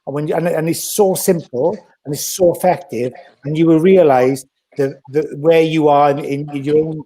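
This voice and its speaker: Male podcast co-host, blunt and animated, higher voice, dark tone. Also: moderate pace. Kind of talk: casual podcast chat.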